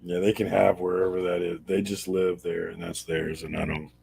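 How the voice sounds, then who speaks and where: A man's voice: sits low, little pitch movement, normal speed, gravelly, a little mellow, a little hiss or hum. A man co-hosting a casual livestream, joking with wry, self-mocking banter. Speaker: co-host.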